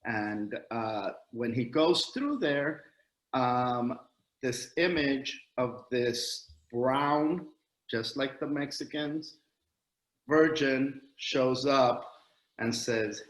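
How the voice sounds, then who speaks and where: A male guest comedian telling a story in a casual, profane, animated and digressive way. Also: medium pitch, extremely slow, roomy sound, low-quality recording.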